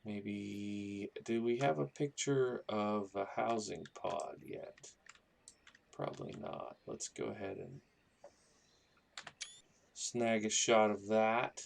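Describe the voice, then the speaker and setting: Man, slow unhurried delivery, gravelly low voice, relaxed gameplay commentary, thinking aloud. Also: a little hiss or hum. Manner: rambling, thinking aloud while building. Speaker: gaming YouTuber.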